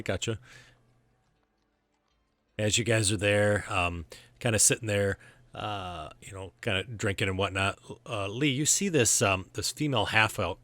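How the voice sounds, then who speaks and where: Low-voiced, bright game master narrating. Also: male voice, no room sound. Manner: rambling, many fillers.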